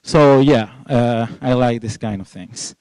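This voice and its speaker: A man's voice: mid-range voice, unhurried, a little mellow, smooth, no room sound, poor audio. A young man from Spain with a Spanish accent, giving a casual conference talk full of restarts and jokey asides to the audience. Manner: casual, rambling, with many restarts and fillers. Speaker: conference speaker. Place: conference hall.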